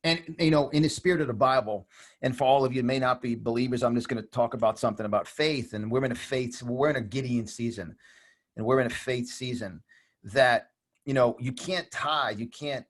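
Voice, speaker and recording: Speaking a little fast at medium pitch, a man in his fifties with a New York accent guests on a podcast. His political talk is impassioned, emphatic, and intense, and he frequently repeats phrases.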